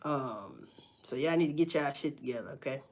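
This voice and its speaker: A woman's voice: rumbling low, lively intonation, normal speed. Woman on a livestream chatting w/ viewers, cussing, blunt, voice swings up and down a lot. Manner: blunt and profane, with emphatic rising outbursts. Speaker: livestream host. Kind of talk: casual livestream chat to viewers.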